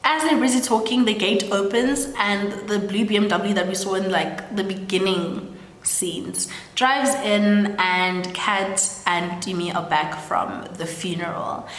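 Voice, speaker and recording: A woman's voice: mid-range voice, measured pace. A South African woman from South Africa casually recapping a story, saying "like" a lot and acting out the characters' lines. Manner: chatty, says "like" often, acts out quoted lines. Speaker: storytelling host. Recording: echoey room with long reverb.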